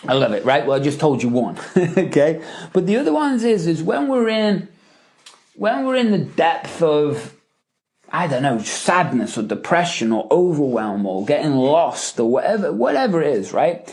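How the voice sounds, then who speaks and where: Animated man teaching a live Q&A. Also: on the high side, moderate pace. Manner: animated, emphatic, checks in with "right?" and "okay?". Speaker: coach.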